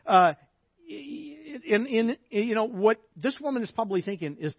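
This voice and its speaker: Male pastor, fairly high voice, conversational sermon with frequent check-ins; dry, slightly dull recording. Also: sing-song, measured pace, gravelly, slightly rough, no echo.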